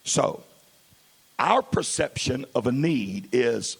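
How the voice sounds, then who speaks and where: A male pastor delivers a sermon in a deeply gravelly, husky voice. He moves between low, quiet asides and loud, stretched-out calls. He speaks at a middle pitch. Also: animated. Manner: swings from quiet asides to loud, drawn-out preaching.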